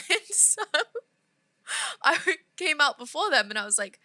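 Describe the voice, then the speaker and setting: Bright-voiced young woman, giggly. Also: sits high, big pitch swings, dry recording. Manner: giggly, quick asides, softens into quiet storytelling. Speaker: podcast co-host. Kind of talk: casual storytelling chat.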